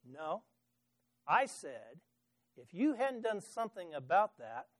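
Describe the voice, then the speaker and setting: A calm, patient Jesus figure, as a preacher quotes him, soft and steady in a fairly high voice. The sound is close and dry. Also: male voice, takes it slowly, dry recording, heavily acted.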